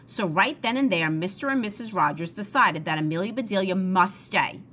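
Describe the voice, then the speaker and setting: Expressive female storybook reader for kids; bright, animated delivery. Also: medium pitch, normal speed, slight background noise. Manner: expressive, addresses young listeners. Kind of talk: children's read-aloud.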